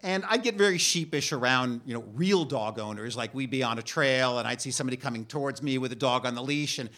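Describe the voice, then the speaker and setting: A middle-aged man telling a funny personal story on stage, halting and self-deprecating with frequent restarts. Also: medium pitch, fairly bright tone.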